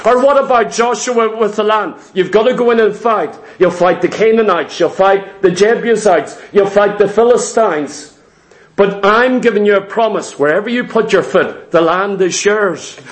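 A man's voice: sits high, normal speed. A man preaching a sermon to his congregation, emphatic and repetitive, asking many rhetorical questions.

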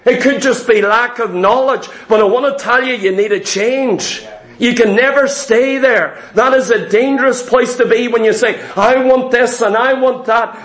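A male preacher giving an emphatic sermon in church, repeating key phrases and slowing down to stress them. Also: extremely high pitch, a bit bright, roomy sound, poor audio.

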